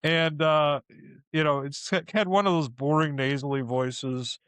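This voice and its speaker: A man's voice: fairly high pitch, unhurried, clean tone, no echo. A man who works as a ghost tour guide, telling a story casually and acting out the people in it. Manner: animated, acts out the people in his stories.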